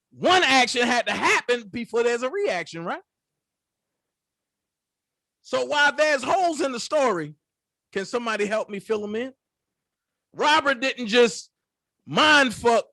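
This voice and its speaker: A man with a very high, bright, forceful voice rants through a profane commentary stream. He sounds close to the mic in a dry room with no echo. He breaks into loud outbursts and mocking impressions. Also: lively intonation, measured pace, pauses often. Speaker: political commentary channel host.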